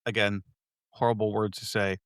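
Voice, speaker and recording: A man asks gentle follow-up questions in a fairly low voice, halting and restarting as he gets emotional. His voice sounds dry and close. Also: flat delivery, smooth, dry recording. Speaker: interviewer. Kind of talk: empathetic interview questions.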